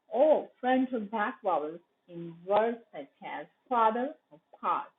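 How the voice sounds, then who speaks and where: Woman lecturer, Pakistani English, tinny audio. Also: a little high. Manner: explanatory, repeats terms, frequent fillers and self-corrections. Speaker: university lecturer. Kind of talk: recorded online lecture.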